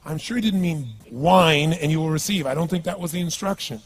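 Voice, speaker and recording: A man's voice: on the high side, fairly quick, hardly any pauses. A man speaking as a motivational speaker at a live seminar, emphatic and punchy, often asking the audience questions.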